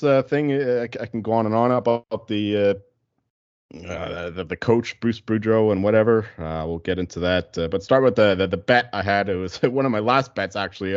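A man's voice: fairly low pitch, dry recording. Man ranting on a sports podcast, profane, dry dull sound. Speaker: podcast co-host. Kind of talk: casual sports chat.

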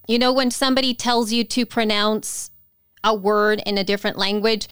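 A woman's voice: on the high side, a bit bright, clean tone, no room sound, studio quality. A woman co-hosting a podcast in casual chat, earnest and rambling, often correcting herself mid-sentence. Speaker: podcast co-host.

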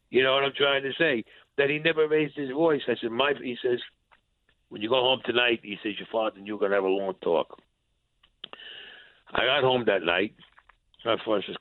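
New man, guest on a phone-in, lively storyteller, dry thin phone sound. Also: fairly quick, no room sound. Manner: animated storyteller who acts out dialogue with rising pitch. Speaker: interview guest. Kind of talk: storytelling, recounting his past. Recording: dry, tinny phone line.

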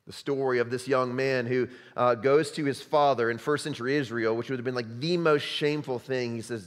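A man preaching a sermon as pastor, impassioned, swinging between loud urgent passages and hushed quiet ones. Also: medium pitch, steady tone, fairly quick, few pauses, big-room sound.

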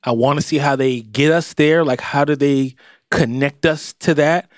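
A man's voice: on the high side, steady tone, normal speed, no room sound, clean studio sound. A man co-hosting a casual podcast chat, wry and teasing, thinking aloud as he goes. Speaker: podcast co-host. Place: podcast studio.

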